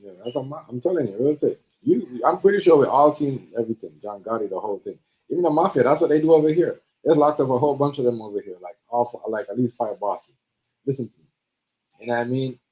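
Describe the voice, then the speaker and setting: Male stream host, casual slang, repeats his points, muffled low-fi audio. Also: animated, fast. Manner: emphatic, repetitive street slang. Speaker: livestream host. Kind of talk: casual commentary chat.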